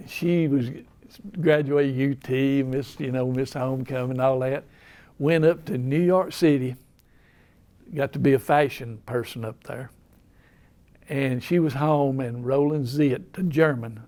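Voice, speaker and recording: With an Appalachian accent and a medium-pitched, somewhat mellow voice, an older man tells folksy, rambling stories as part of casual storytelling.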